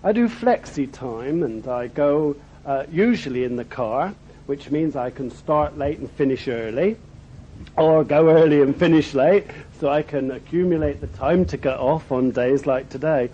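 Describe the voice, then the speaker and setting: A middle-aged Englishman with an Oxfordshire accent tells humorous stories at a dinner, pausing on plenty of ums. His voice sits a little high for a man yet sounds mellow. The recording is dull and lo-fi, with a faint hiss behind him. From Berkshire, England. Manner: humorous storytelling with frequent ums. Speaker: speaker at a dinner. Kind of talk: after-dinner testimony talk.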